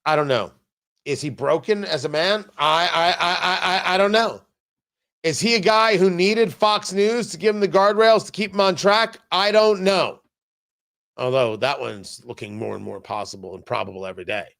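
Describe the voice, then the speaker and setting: Exasperated, sarcastic high-voiced male host. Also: vocal fry, fairly bright tone. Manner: exasperated, sarcastic, halting with repeated restarts. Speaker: talk show host. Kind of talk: political commentary show.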